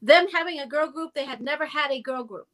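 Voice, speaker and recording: A middle-aged woman, a former girl group singer, telling animated stories in a casual interview and acting out the people she quotes. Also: sits high, brisk. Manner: animated storyteller who acts out quotes and sings notes.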